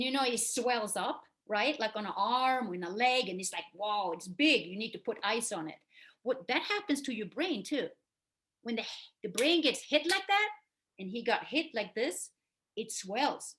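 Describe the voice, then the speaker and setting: A woman's voice: on the high side, fairly bright tone. A middle-aged woman, a mother, earnestly telling her son's story, often checking in with "right?". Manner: earnest, explaining with questions and "right?". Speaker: mother and host. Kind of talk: casual talk to camera.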